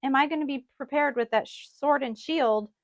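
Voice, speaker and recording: A woman's voice: sits high, moderate pace, no room sound. A woman co-hosting a podcast, talking casually and chiming in to finish her partner's thoughts. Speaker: podcast co-host.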